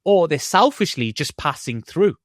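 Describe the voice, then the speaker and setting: A man co-hosting a casual podcast, telling a story in an animated way and acting out what people say. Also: fairly high pitch, moderate pace, dry recording, studio quality. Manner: animated storytelling, acts out lines in other voices. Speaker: podcast co-host.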